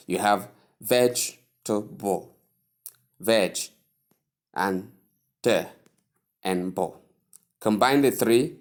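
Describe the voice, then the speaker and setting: Nigerian English male teacher, lowish voice, very slow, repeats every word. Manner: slow, repeats each word many times, drawn out. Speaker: pronunciation teacher. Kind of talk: spoken English pronunciation lesson.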